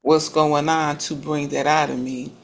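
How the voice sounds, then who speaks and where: A woman's voice: low voice, flat delivery, unhurried, slight background noise. A woman in a casual group discussion, making earnest points and building up to them with emphasis.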